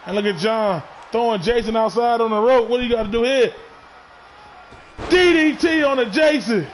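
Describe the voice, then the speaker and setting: A man doing excitable play-by-play commentary of a wrestling match, often shouting his calls. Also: very high voice, moderate pace, a little hiss or hum.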